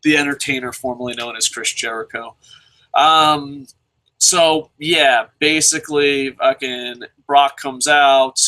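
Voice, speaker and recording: A young man hosting a show, talking in a casual, sarcastic and excitable way with lots of swearing. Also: medium pitch, slow pace, rough recording. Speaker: show host reviewing. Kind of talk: casual profane commentary.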